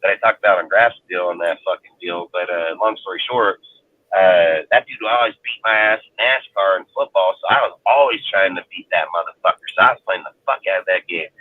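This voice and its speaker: A Northern Californian man on a roundtable panel tells a personal story in a casual way, bluntly, swearing heavily and dropping "dude" into nearly every line. His voice is deep and fairly quick, with no echo, over tinny phone-line audio.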